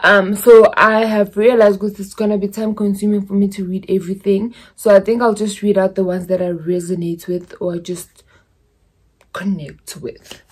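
A woman's voice: mid-range voice, little pitch movement, moderate pace, a little mellow, slightly rough. A young woman from South Africa with a South African accent, chatting casually in a vlog and slipping in Zulu phrases as she rambles through stories. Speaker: YouTuber.

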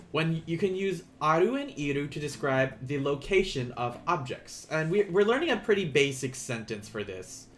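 A man teaching a beginner Japanese lesson on a live stream, explaining in a relaxed, chatty way with many fillers and restarts. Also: medium pitch, a little hiss or hum.

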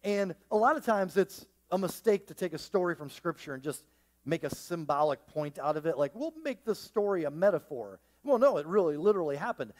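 High-voiced joking male pastor preaching. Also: brisk. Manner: animated, joking, swings between hushed and loud. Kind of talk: sermon. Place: church with a live congregation.

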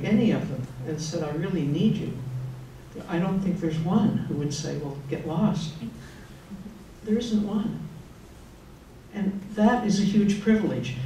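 Older sister giving a retreat talk, earnest and chatty, mellow voice, echoey room heard from far off. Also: female voice, lowish voice, animated, unhurried, a little hiss or hum. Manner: earnest, personal, conversational. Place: retreat hall.

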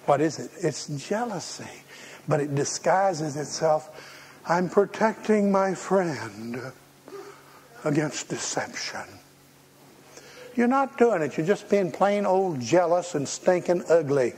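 A man's voice: on the high side, animated, takes it slowly, darkish tone, a little hiss or hum. A man preaching a folksy, humorous sermon and acting out the voices he quotes. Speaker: pastor.

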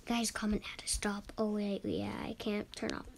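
A woman giving casual commentary while gaming, excitable, often dropping into whispers and repeating words over and over. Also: medium pitch, normal speed, creaky, slight background noise. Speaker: gamer.

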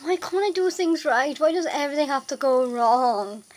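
A woman's voice: sits high, expressive, moderate pace, slight background noise, low-quality recording. A young woman, chatting in a rambling, flustered vlog with lots of filler words. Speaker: vlogger. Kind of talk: casual vlog chat.

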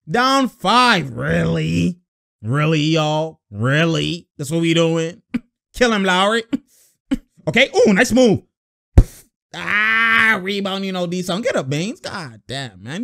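A man with a high voice reacts to a basketball game in loose, slangy chat. He laughs a lot, shouts at the plays, then rants at length about a player. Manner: excitable, slangy, laughs often, yells at plays. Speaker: sports reaction vlogger. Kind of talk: casual live game reaction and rant.

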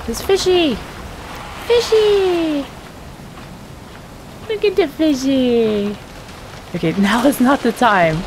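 Young female let's-player, slow-talking, nervy running self-talk, faint hiss behind her. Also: medium pitch. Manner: talks to herself, jittery and reactive. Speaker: gameplay streamer. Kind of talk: casual let's play commentary.

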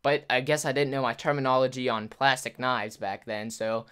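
Smooth-voiced young man telling a story. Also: medium pitch, steady tone, normal speed, fairly bright tone. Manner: rambling, many "like" fillers, acts out quotes. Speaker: YouTuber. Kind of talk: casual storytelling.

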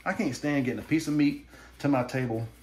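A brisk, mid-range voice belongs to a middle-aged American Southerner hosting a home cooking channel, with slight background noise. He chats folksily, rambles and makes fun of himself, cooking in his kitchen before moving out to the grill.

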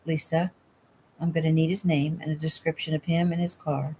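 A woman voicing a protective, quick-tempered middle-aged father in a storybook, blunt and gruff. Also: sits low, flat delivery, mellow, slight background noise, natural voice, rough recording. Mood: angry, gruff.

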